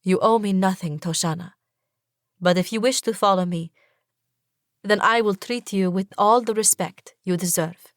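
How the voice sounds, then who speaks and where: A woman voicing a kind young man who calls himself a prince, speaking calmly and reassuringly. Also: mid-range voice, moderate pace, dry recording, close to an everyday voice. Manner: calm and reassuring.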